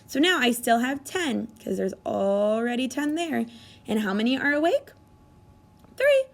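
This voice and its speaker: A woman teaching a math lesson to young children, speaking in an animated sing-song way and gasping with exaggerated delight as she coaxes answers from them. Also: on the high side, normal speed, gravelly. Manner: coaxing, encouraging questions to children. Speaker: kindergarten teacher.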